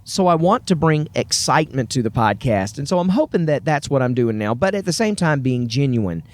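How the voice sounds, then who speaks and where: A man's voice: medium pitch, big pitch swings, brisk, a little mellow. A man with a Southern US accent hosts his own podcast, talking alone to listeners in an earnest, upbeat, chatty way. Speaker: podcast host. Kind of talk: solo podcast monologue.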